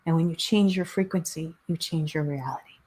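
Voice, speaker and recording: A woman's voice: low-pitched, a little fast, warm tone. A middle-aged woman hosting a spiritual talk show, speaking earnestly and repeating phrases for emphasis. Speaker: host, spiritual coach. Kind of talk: motivational talk show monologue.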